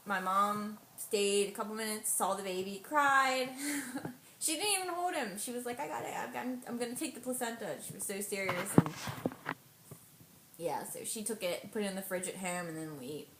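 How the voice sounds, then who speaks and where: A young woman recounting a personal story to the camera, slipping into quoted dialogue with lively shifts. Her voice rings in a roomy, echoey space with a faint hiss underneath. The talk is casual and chatty, broken by laughs. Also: medium pitch, moderate pace. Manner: animated retelling with quoted dialogue, laughing often. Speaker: vlogger. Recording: echoey room, faint noise.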